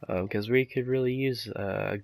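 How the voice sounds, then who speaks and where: Sick and rough-voiced, a gaming commentator rambles in a laid-back way over his gameplay with lots of fillers. His fairly low, creaky, darkish voice keeps a steady tone at a normal speed.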